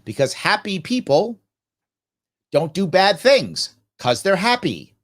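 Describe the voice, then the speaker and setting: A middle-aged man hosting a live ask-me-anything stream, answering viewer comments in an animated, preachy way and acting out little imagined dialogues. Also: high voice, takes it slowly. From New York. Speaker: livestream Q&A host.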